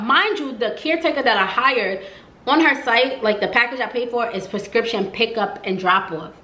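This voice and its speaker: A woman's voice: mid-range voice, echoey room. A woman vlogger telling a personal story in a casual, chatty storytime style, peppering her talk with "like.". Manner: chatty, animated, heavy use of "like".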